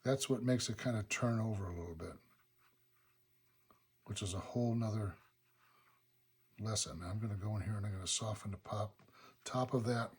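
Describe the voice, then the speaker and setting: A man with a slightly husky voice demonstrates a watercolor painting in his studio. He talks in a relaxed, unhurried way, thinking aloud about each step as he works. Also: lowish voice. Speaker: watercolor instructor.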